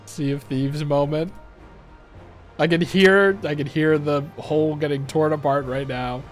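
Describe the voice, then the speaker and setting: A man's voice: fairly high pitch, flat delivery, moderate pace, darkish tone, soft background music. A young man doing casual let's-play commentary, chatty and rambling, laughing easily. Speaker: game streamer.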